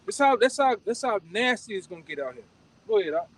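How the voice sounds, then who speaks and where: A man with a notably high voice leads a casual group talk at a rapid clip. He is emphatic and repeats himself, tagging sentences with "man". The mic sits some way off from him. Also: very animated, a bit bright, far from the mic, poor audio. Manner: emphatic, repetitive, ends phrases with "man". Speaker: discussion leader.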